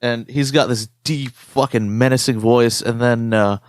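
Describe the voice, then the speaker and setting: A man's voice: medium pitch, a little slow, no room sound, clean studio sound. A man co-hosting a podcast in casual chat, swearing freely and putting on movie voices as he tells stories. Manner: profane, animated storyteller who imitates movie voices. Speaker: podcast co-host.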